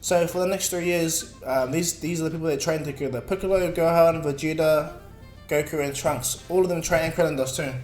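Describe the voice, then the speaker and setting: A man casually narrating a fan-made story, rambling and filling gaps with ums. His voice sits a bit high for a man. The recording is roomy, with soft music underneath. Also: steady tone, a little fast. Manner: rambling, filler-heavy, self-correcting. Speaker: video creator. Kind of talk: casual fan-fiction retelling.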